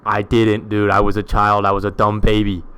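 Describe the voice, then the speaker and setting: A man co-hosting a podcast in casual chat, bantering in an excitable, joking way. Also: on the low side, normal speed, clear, resonant tone. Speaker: podcast co-host.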